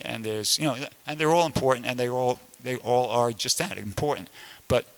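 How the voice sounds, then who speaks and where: A man's voice: medium pitch, pushed and bright. A man giving a conversational sermon-style class in a temple room, with frequent restarts and emphatic asides.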